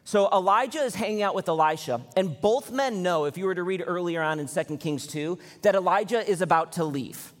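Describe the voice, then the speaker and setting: A man's voice: high-pitched, a little fast, few pauses. A male pastor preaching a sermon, telling a Bible story in a casual way and briefly acting out the characters' lines. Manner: storytelling, acts out quoted lines. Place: church auditorium. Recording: long hall reverb.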